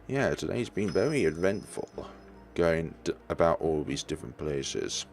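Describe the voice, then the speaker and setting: Gamer narrator, low voice with gravel, animated delivery. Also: male voice, moderate pace. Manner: reads game dialogue aloud between comments. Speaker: let's play gamer. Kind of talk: casual gameplay commentary.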